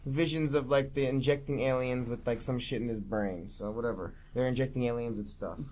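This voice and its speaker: A man's voice: mid-range voice, fairly even intonation, fairly quick, a little mellow. A man co-hosting a casual movie review podcast, recapping scenes loosely with lots of swearing and fillers. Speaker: podcast co-host.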